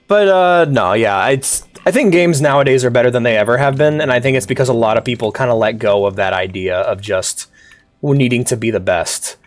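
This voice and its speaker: A streamer with a cough, chatting casually over live gameplay and shouting at the little on-screen character. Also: medium pitch, a little fast, soft background music. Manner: animated, yelps and shouts at the game character. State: sick, coughing. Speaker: VTuber game streamer.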